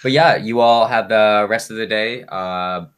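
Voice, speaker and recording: A man's voice: fairly low pitch, measured pace, fairly bright tone, clean tone. A man running a tabletop game as game master, joking and laughing often.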